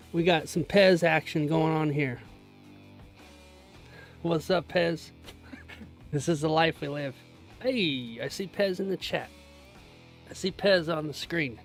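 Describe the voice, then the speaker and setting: A man's voice: on the high side, a bit bright. A man live-streaming his day trading from a small closet, chatting casually and joking with viewers, laughing often.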